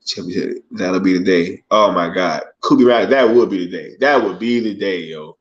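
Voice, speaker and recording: A man in a relaxed live-stream chat, his voice sitting low in pitch. He reads out viewer comments and answers them in loose, slangy talk, often tagging "yo" onto his lines. The stream audio is dull and lo-fi. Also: normal speed. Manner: laid-back slangy talk, frequent "yo" and "right?".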